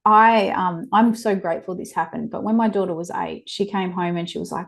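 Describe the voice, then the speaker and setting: A woman's voice: on the low side, fairly even intonation, a little fast, creaky. A woman in her forties, a guest on a podcast interview, telling stories frankly and with animation. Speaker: guest, child abuse prevention educator.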